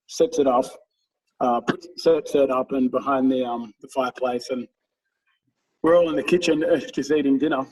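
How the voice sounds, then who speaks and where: A man's voice: mid-range voice, steady tone, moderate pace, husky, distant mic, rough recording. A man in his thirties, co-hosting a podcast, who rambles through casual stories and swears freely. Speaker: podcast co-host. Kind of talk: casual chat.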